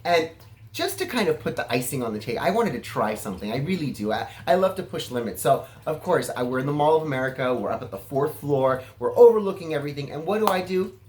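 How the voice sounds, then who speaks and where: A man's voice: on the high side, big pitch swings, fast talker, a little mellow. A man from California giving a casual, self-assured vlog monologue, chatty and flamboyant in manner. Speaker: political vlogger.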